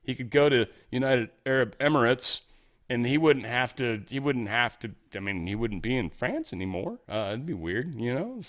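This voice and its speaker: A man's voice: mid-range voice, expressive, normal speed. A man hosting a casual political commentary show, reading news items and breaking into rambling, sarcastic asides.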